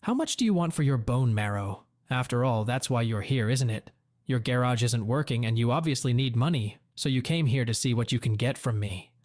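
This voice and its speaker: A man's voice: medium pitch, expressive, brisk, darkish tone, dry recording, studio quality, close to an everyday voice. A man voicing a scornful wealthy woman. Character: cold scornful wealthy middle-aged woman.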